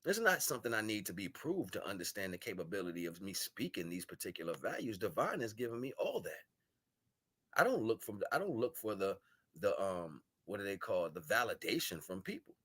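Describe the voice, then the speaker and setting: A man on a livestream giving a spiritual monologue, shifting between solemn murmurs, loud scolding and slangy, laughing chat with viewers. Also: lowish voice, very animated, brisk, husky. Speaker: live stream host. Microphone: live stream microphone.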